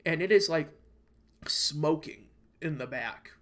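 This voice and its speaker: Speaking slowly in a fairly bright voice that sits on the high side, this young American podcast co-host rants about terrible food. His casual, profane storytelling over an online call microphone rambles as he gets more and more worked up.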